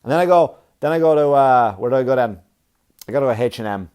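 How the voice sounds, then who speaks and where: A man's voice: medium pitch, animated, quick pace, darkish tone, clean tone. A man telling comic stories in a ranting, profane way, acting out both sides of his arguments. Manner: ranting, profane, self-mocking, with acted-out dialogue. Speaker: comedian. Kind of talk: stand-up style comic monologue. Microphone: podcast mic.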